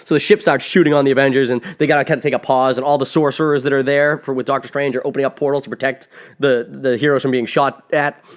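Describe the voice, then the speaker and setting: A man hosting a podcast, recapping a film in an excited, gushing, rambling way, swearing freely and often restarting his sentences. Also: mid-range voice, quick pace. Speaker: podcast host. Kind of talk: casual spoiler movie review.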